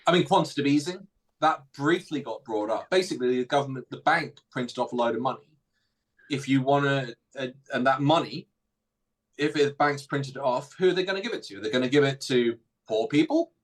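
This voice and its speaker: A man's voice: medium pitch, low-quality recording. A man hosting a casual political podcast, ranting indignantly. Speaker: podcast host.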